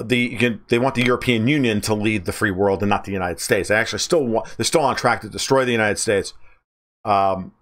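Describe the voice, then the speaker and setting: A man's voice: fairly low pitch, a bit bright. A man hosting a podcast, giving a blunt, profane political commentary monologue with rambling restarts. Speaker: podcast host.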